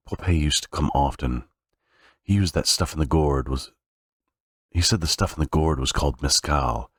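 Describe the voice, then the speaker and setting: A man with an extremely deep voice sight-reads a novel aloud. He halts now and then, fixing slips and restarting phrases. The recording is dry and close. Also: no room sound. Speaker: reader. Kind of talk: unrehearsed novel reading.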